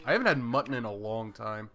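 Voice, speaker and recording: A man's voice: on the low side, lively intonation, fast talker, over music. A man chatting casually while livestreaming a game, often stammering and repeating words as he searches for them. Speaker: streamer.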